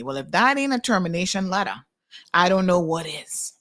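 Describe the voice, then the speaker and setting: A middle-aged woman hosting a live commentary, talking in a sarcastic and animated way. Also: on the low side, normal speed. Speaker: host.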